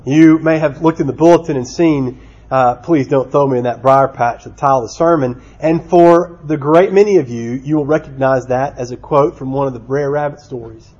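A man's voice: fairly high pitch, normal speed, a little mellow. A man preaching a sermon, self-deprecating and speaking directly to the children, on a dull lo-fi recording. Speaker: pastor.

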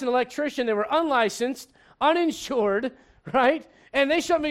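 With a very high voice and a brisk delivery, this male pastor from Puerto Rico preaches a playful, animated sermon, often starting sentences over and acting out little scenes.

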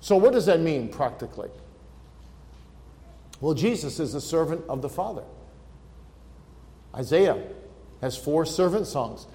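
A man preaching a sermon as pastor, earnest, slowing and swelling when he quotes scripture. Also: a little high, animated, dark tone. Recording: long reverb of a large hall.

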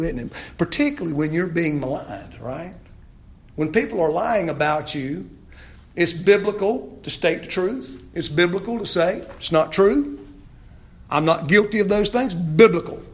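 A man preaching an expository sermon as pastor, asking the congregation questions, repeating phrases and rising to loud, emphatic peaks. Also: fairly high pitch.

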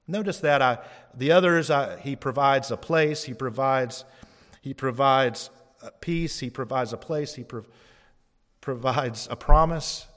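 A man's voice: medium pitch, measured pace, a bit bright. A man preaching a sermon as pastor, emphatic and rising on key phrases, asking the congregation for responses. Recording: long hall reverb.

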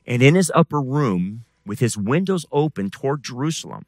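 Animated man preaching a sermon. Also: medium pitch, moderate pace, dry recording. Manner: preaching with swings from loud emphatic to quiet intense. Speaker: pastor.

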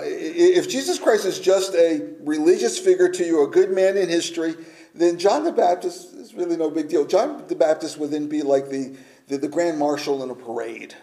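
A man preaching a sermon, emphatic, shifting between loud declarations and hushed, almost whispered lines. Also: fairly high pitch. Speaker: pastor.

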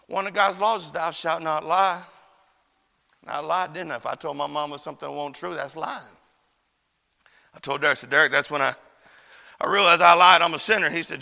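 Male preacher, folksy storyteller, bright edge, echo of a hall. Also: a little fast, vocal fry. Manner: folksy, animated, shouts at high points. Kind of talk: sermon with storytelling. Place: church chapel.

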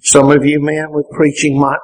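An older man preaching a sermon, an impassioned delivery that climbs to shouts and then drops low. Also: monotone, normal speed, poor audio.

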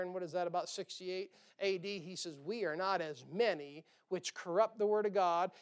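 High-voiced folksy preacher man. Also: clean tone. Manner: folksy, joking, with rhetorical questions to the congregation; chuckles between points. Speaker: pastor. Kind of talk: sermon.

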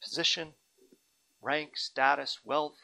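A man's voice: a little high, steady tone, slow pace, vocal fry, pushed and bright, poor audio. A man in his thirties preaching a sermon as a pastor, earnest and dynamic, with friendly asides to his congregation.

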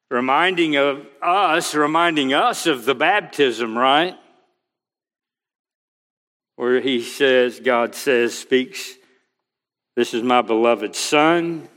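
A male pastor preaching a sermon, slow and emphatic, quoting scripture aloud. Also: mid-range voice, fairly bright tone, in a large hall.

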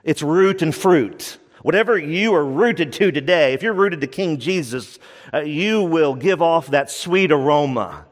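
A man's voice: on the high side, lively intonation, measured pace, in a large hall. A man preaching a sermon as pastor, emphatic and repeating his key lines for stress.

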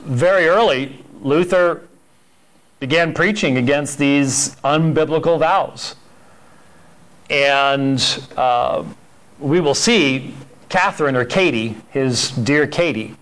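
A man teaching a Sunday school church history class in an emphatic, conversational way, often repeating words. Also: mid-range voice.

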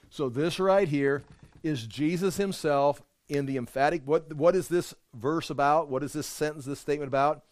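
A man's voice: fairly high pitch, normal speed, dry recording. A man teaching a verse-by-verse bible study, explaining as he goes and often repeating words while he thinks aloud.

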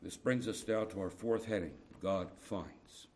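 A middle-aged man preaching a sermon, moving from soft, tender passages to loud, urgent appeals. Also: low voice, measured pace.

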